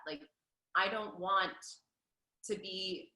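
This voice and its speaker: A woman in her thirties, a stage performer, answering interview questions in an animated, chatty way with lots of fillers. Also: medium pitch, normal speed, reverberant, rough recording. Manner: animated, laughs often, many fillers. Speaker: Broadway performer, guest.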